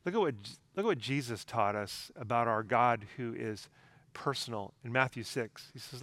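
A man's voice: mid-range voice, normal speed, a bit bright, no echo. Earnest, conversational male pastor. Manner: earnest, conversational preaching with personal stories. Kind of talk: sermon.

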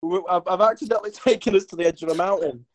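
A man's voice: high voice, very fast, close to an everyday voice. A man voicing a bossy talking male horse who gives blunt orders, telling a story to friends. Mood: sheepish.

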